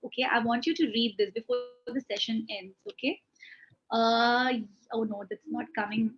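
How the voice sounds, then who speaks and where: Female tutor, high and bright, patient explainer, heard over a muffled online call. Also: normal speed. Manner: patient, frequent "okay", explains step by step. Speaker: English speaking tutor. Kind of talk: online one-on-one speaking lesson. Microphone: video call.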